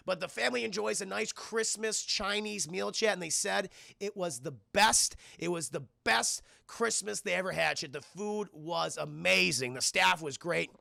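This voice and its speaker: A man's voice: sits high, normal speed, creaky, hardly any pauses, pushed and bright, no echo, clean studio sound. A man streaming a casual, profane film recap, rambling and constantly addressing his chat.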